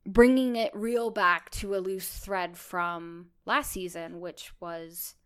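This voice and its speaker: A woman co-hosting a podcast, chatting casually and thinking out loud with enthusiasm. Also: lowish voice, steady tone, slow, clear, resonant tone. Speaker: podcast co-host.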